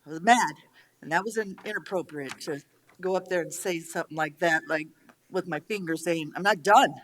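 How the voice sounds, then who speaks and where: A middle-aged woman, a county commissioner, giving a heated, blunt speech at a public meeting. She is angry and emotional, swears, and pushes back quickly. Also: deep voice.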